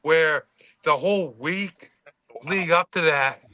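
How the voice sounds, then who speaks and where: Animated former player telling a story. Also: male voice, on the high side, takes it slowly, dry recording, low-quality recording. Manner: animated, swearing storyteller acting out quotes. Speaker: podcast co-host, former college football player. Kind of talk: casual storytelling chat.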